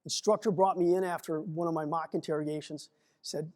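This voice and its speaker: A middle-aged man giving a keynote speech, telling an animated story and acting out the dialogue. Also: a little high, fast. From United States. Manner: animated, acts out the dialogue in his stories. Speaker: keynote speaker.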